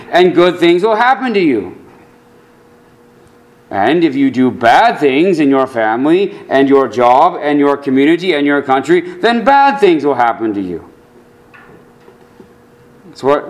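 A male pastor preaching a sermon, earnest, dropping to quiet low asides and rising to emphatic lines.

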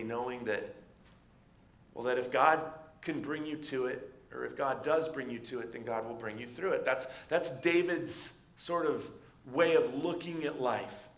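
A man preaching a sermon in a conversational, animated storytelling way. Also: medium pitch, roomy sound. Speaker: pastor.

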